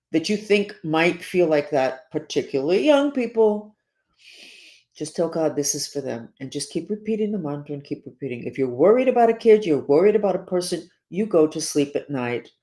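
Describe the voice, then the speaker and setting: A woman's voice: sits low, mellow. Earnest woman with an urgent tone. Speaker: spiritual teacher. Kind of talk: spoken monologue to listeners.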